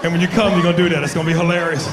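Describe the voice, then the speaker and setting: A man doing a profane stand-up comedy routine with loud impressions on a club stage. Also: on the high side, steady tone, racing. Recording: live club with loud crowd and noise. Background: audience laughter.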